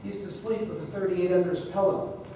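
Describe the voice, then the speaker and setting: High-voiced man teaching in an echoey hall. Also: fast, far from the mic, a little hiss or hum. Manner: lively, conversational, joking with the audience. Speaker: speaking coach at a live seminar. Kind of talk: live seminar teaching to a room. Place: large hall with a live audience.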